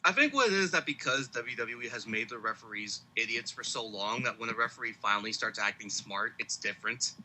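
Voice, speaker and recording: A man's voice: mid-range voice, expressive, fairly quick, hardly any pauses, sharp tone, slight background noise, poor audio. A man co-hosting a podcast in casual chat, arguing his points and jumping in to counter. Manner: argumentative, interjecting. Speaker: podcast co-host.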